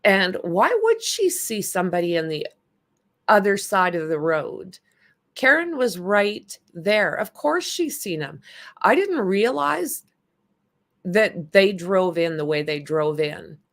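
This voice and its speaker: Slow-talking blunt woman streamer. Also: mid-range voice, very animated, fairly bright tone. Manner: blunt, indignant, talks back to chat. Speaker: livestream host. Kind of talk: casual livestream commentary.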